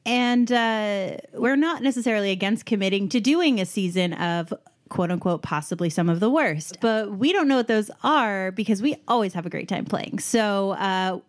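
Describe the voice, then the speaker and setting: A woman's voice: mid-range voice, unhurried. A woman co-hosting a tabletop game podcast, casually chatting and reading out listener questions. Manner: easygoing, light laughs, reads questions aloud.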